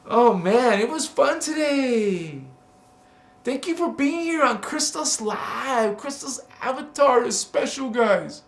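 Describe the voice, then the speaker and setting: High-pitched man, livestream host, slow delivery, echoey room, teasing and emphatic with frequent laughs. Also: animated. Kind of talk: casual livestream talk.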